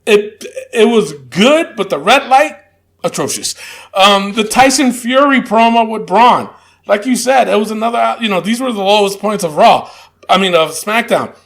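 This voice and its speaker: Male podcast co-host, high gravelly voice, relaxed and rambling, laughs a lot. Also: normal speed. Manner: laid-back, laughs often, hesitant with fillers. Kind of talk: casual wrestling chat.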